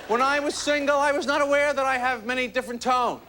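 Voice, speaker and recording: High-voiced man doing stand-up. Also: fairly even intonation, fast talker, noisy background. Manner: wry observational delivery, exaggerated voice demonstrations. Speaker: comedian. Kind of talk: stand-up comedy routine. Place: TV studio stage. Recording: loud studio audience laughter. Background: roaring crowd laughter.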